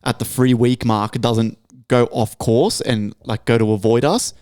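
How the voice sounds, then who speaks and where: A man co-hosting a podcast, chatting casually and retelling stories in a sweary, animated way. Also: medium pitch, smooth. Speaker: podcast co-host.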